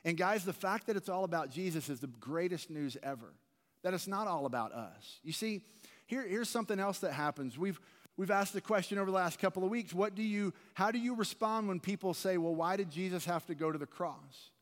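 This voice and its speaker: A man's voice: sits high, expressive, brisk. A man preaching a sermon as pastor, earnest and conversational, often restarting his phrases. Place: large church sanctuary. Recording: long reverb of a church hall.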